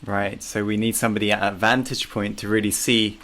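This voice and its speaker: A man's voice: on the low side, little pitch movement, a little fast, fairly bright tone. A man hosting an interview, listening attentively and asking short follow-up questions. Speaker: interview host.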